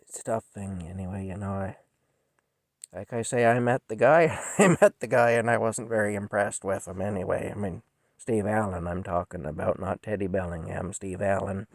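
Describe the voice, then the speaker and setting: A middle-aged man tells a story in a casual, rambling monologue. His voice sits low, and he talks in a halting, emotional way. The sound is dry and close, with no room echo. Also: gravelly. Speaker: vlogger telling a personal story.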